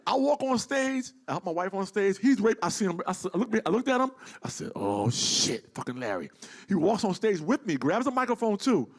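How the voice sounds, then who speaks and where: A man telling a story in casual talk, animated and profane, acting out the people he quotes. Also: sits high, a little fast, few pauses. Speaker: guest.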